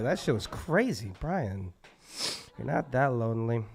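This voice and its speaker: A man hosting a live open mic, excitable and profane, hyping up the performers and the live stream. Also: medium pitch, normal speed. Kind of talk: live event emceeing. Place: live event at a community center.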